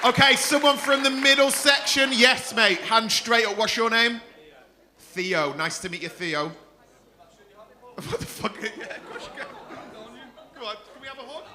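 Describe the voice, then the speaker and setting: A man's voice: very high voice, animated, measured pace, pauses often, crowd noise. A man hosting a comedy club night, swearing freely and teasing audience members. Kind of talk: stand-up crowd work.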